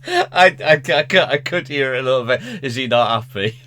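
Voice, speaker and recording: A man's voice: mid-range voice, expressive, brisk, sharp tone, slight background noise. A man co-hosting a chat podcast, joking, self-mocking and laughing often. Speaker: podcast co-host. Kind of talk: casual chat.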